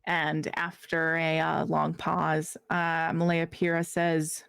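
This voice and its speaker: A woman game master narrating a tabletop game in a deliberate, halting way. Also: low voice, completely flat delivery, creaky, a bit bright, smooth, no room sound.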